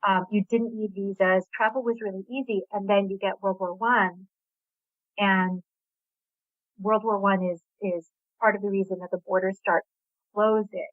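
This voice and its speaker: A woman's voice: mid-range voice, fairly even intonation, normal speed, no room sound. Woman's voice on a tinny phone line. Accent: American. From Hungary. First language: Hungarian. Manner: chatty, enthusiastic, with small laughs. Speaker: novelist guest. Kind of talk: casual interview chat.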